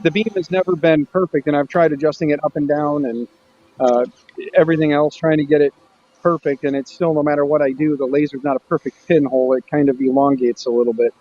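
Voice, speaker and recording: A man hosting a casual maker hangout stream, chatting in a loose, rambling way. His voice sits a little high. The audio is muffled and lo-fi. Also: steady tone, quick pace. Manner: rambling, restarts often. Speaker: host of a maker livestream. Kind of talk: casual chat.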